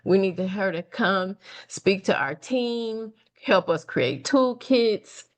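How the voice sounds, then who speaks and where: A woman's voice: mid-range voice, takes it slowly. A middle-aged woman from Detroit telling her story as an interview guest, acting out the voices of people she quotes and laughing easily. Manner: animated, acts out quoted dialogue, laughs easily. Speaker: guest, nonprofit founder and speaker. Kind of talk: conversational storytelling.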